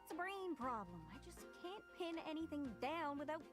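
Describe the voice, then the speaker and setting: A woman's voice: high-pitched, animated, moderate pace, soft background music. A woman with a Newfoundland accent voicing a chatty, eager young woman traveler in a game, rambling and apologetic. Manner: rambling, apologetic, folksy dialect. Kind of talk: game voice acting.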